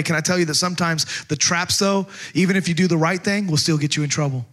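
An energetic man delivering a sermon in a high voice. He talks emphatically, repeats words for punch and slips into voices to act out the story. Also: quick pace, hardly any pauses. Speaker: pastor.

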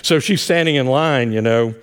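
An older man with an Appalachian accent preaching a sermon, telling folksy family stories with warm asides. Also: mid-range voice, moderate pace, clean tone. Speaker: pastor.

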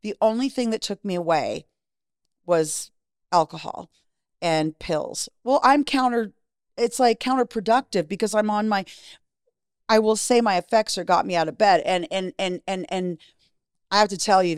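A woman's voice: medium pitch, normal speed, smooth, no room sound, clean studio sound. A middle-aged woman, a podcast guest, candidly telling a personal story in a frank, profane way and acting out the lines of the people in it.

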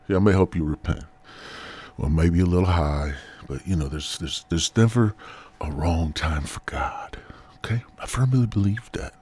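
A man's voice: deep voice, moderate pace, darkish tone, slightly rough, no echo. A man hosting a solo podcast, rambling through profane rants with whispered asides. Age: adult. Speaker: podcast host.

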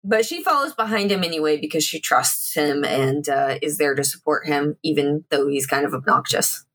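A woman describing her character in a tabletop game in a relaxed, amused way. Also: low voice, moderate pace. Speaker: player.

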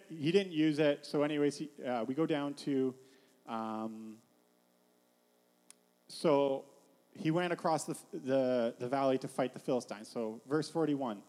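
A man's voice: medium pitch, a little mellow, in a large hall. A man preaching a casual, rambling sermon, full of fillers, often stopping to put questions to his listeners.

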